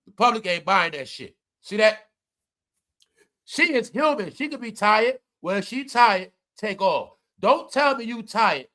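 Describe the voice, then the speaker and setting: A man's voice: high voice, bright, forceful tone. A man ranting comedically and profanely to his viewers, calling them y'all and preaching his point. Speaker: commentary vlogger.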